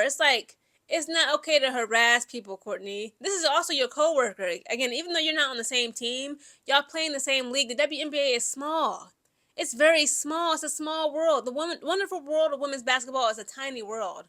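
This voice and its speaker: Brief: young woman, high bright voice, animated and opinionated vlog commentary. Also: fairly quick. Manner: animated, opinionated, full of filler words. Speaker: commentary vlogger.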